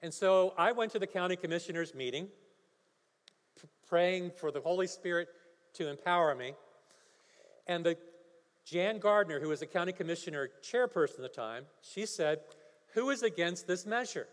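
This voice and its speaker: A man's voice: high-pitched, normal speed, pauses often. A male pastor preaching a sermon, telling a story and building to emphatic preaching. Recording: long hall reverb.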